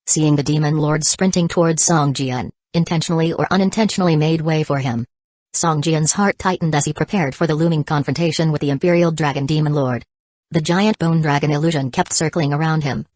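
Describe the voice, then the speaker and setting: Low-voiced woman reading a novel. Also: darkish tone, no room sound. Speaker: audiobook narrator. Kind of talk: scripted narration.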